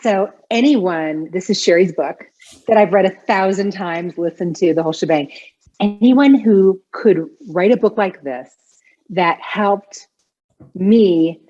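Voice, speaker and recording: A woman's voice: mid-range voice, a little slow, warm tone. A woman giving an earnest testimonial on a video call and firmly urging listeners to join. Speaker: course participant giving a testimonial. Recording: muffled video-call audio.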